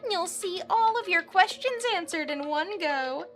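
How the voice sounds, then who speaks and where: A woman voicing a gleeful, mocking male bear mascot villain, reading game dialogue slowly and tauntingly on a stream. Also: extremely high pitch, lively intonation, fairly bright tone, faint music behind, voice pushed up, full character voice. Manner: slow, drawn-out taunting delivery.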